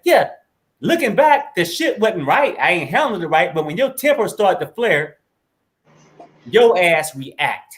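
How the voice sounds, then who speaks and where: A man in his fifties hosting a lively panel chat over a video call, animated, interrupting and repeating people's names. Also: high voice, unhurried. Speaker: show host.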